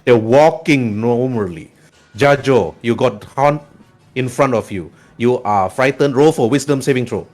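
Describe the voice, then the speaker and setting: A man in the game master's seat, calling rolls and narrating the scene in a brisk, plain voice. His pitch sits in the middle, and faint music plays behind him. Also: a little mellow. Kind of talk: running a tabletop game.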